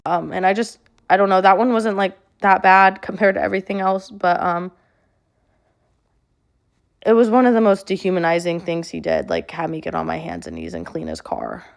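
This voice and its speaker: Young female creator, low and fry-heavy, deadpan monotone, halting personal storytelling. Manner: monotone, flat delivery; halting, with many fillers and restarts. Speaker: social media creator.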